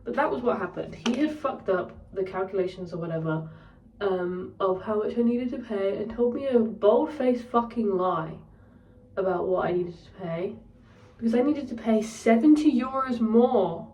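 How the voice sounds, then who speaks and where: A young woman tells a story in a candid, sweary rant, her voice sitting at a middle pitch. She sounds a little set back from the mic, in a room with a noticeable echo. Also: lively intonation, normal speed, darkish tone, far from the mic. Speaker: vlogger. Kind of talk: casual storytelling.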